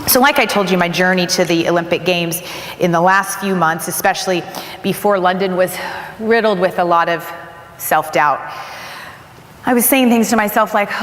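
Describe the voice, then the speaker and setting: A woman's voice: on the low side, moderate pace. Woman giving a keynote in an echoey hall. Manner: earnest storytelling, animated retelling. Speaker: keynote speaker. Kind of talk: motivational keynote speech. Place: large conference hall.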